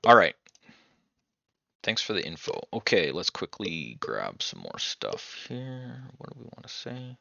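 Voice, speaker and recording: Gravelly low-voiced gaming host. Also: male voice, wildly swooping pitch, measured pace, no room sound, muffled recording. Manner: chatty, reads game text aloud, thinks out loud. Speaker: let's-play host. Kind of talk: casual gameplay commentary.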